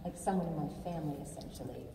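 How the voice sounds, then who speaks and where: A woman's voice: sits low, rapid-fire, warm tone. Thoughtful woman audiobook narrator. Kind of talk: convention panel Q&A. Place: large convention hall. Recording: echoey convention hall from far off.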